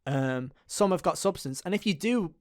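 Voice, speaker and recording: A man in loose gaming-podcast banter, his voice sitting a touch high for a man. He rambles from one thought to the next, peppering it all with swearing and "um"s. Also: expressive, moderate pace. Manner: rambling, profane, lots of fillers. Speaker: podcast co-host. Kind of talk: casual gaming chat.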